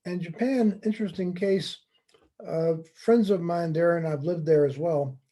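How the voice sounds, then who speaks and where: A man from the United States giving a slide-based presentation lecture, conversational and wry, with deadpan joking asides. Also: on the high side, measured pace. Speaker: speaker giving a talk.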